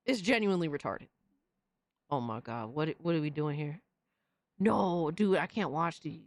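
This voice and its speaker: A woman hosting a live stream, reading chat messages aloud and reacting in an excitable, profane, casual way. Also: low-pitched, normal speed, no echo, clean studio sound. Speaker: livestream host reading chat.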